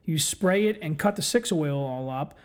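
A man with a notably high voice for his sex rattles off a rowdy work story on a podcast. He swears freely and talks with excitable, casual energy. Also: normal speed. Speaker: guest telling work stories.

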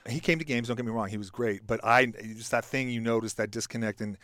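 A man's voice: medium pitch, fast, a bit bright, dry recording, clean studio sound. A middle-aged man talking as a podcast guest, telling a reflective story with lots of restarts and fillers. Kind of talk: casual podcast conversation.

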